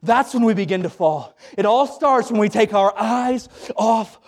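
A man's voice: high-pitched, animated, measured pace. A man preaching a sermon in a folksy, dramatic way, acting out the scenes he tells.

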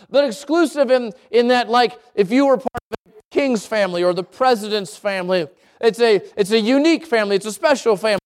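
A male pastor preaching a sermon, animated and talking straight to his congregation. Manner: animated, swings pitch widely, addresses congregation directly.

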